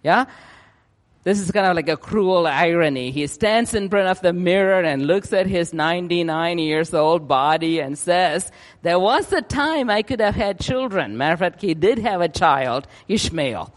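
Brief: male preacher, high voice, excited rushed delivery, long hall reverb. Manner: excited, rushing, keeps checking in with "yeah?". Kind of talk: sermon.

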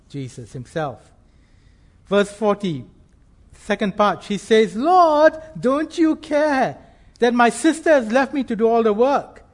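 Earnest higher-pitched male preacher. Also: a little mellow. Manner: earnest, measured, slows to stress key phrases. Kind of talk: sermon.

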